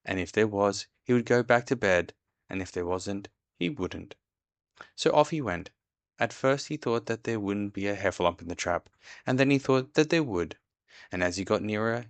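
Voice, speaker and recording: A man reading a children's storybook aloud to his child in an expressive, measured way. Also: on the low side, no echo.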